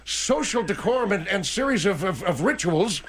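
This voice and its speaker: A man's voice: sits high, very animated, normal speed. A man playing an incredulous co-host who lectures the guest. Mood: exasperated.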